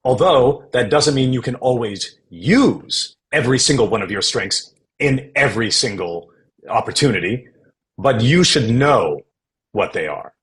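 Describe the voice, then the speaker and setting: A man guest on a podcast, telling stories in a measured, anecdotal way about his acting career. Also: mid-range voice, expressive, a bit bright, rough recording. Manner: anecdotal, measured, uses quoted voices. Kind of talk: relaxed storytelling conversation.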